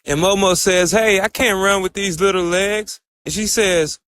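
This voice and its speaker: A man's voice: sits high, fairly even intonation, normal speed, fairly bright tone, a little hiss or hum. A man casually recapping an anime episode, retelling each scene with a running "and so" and "she says.".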